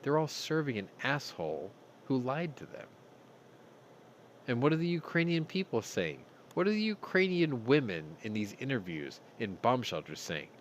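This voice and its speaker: A man's voice: medium pitch, slight background noise. A man hosting a news commentary show, talking bluntly with heavy profanity and open anger. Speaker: host.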